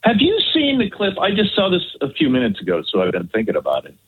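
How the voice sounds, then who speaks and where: A man's voice: a little high, wildly swooping pitch, fast, slightly rough. A man co-hosting a radio show by phone, chatting in a laid-back, rambling way. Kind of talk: casual talk radio banter. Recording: tinny phone line.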